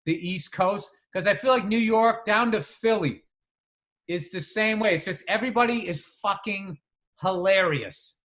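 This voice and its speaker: A man from the greater area, chatting on a podcast in a profane, animated storytelling way. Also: high voice, moderate pace. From greater Boston area. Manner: profane, animated storyteller who acts out sounds. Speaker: podcast co-host. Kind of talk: casual chat.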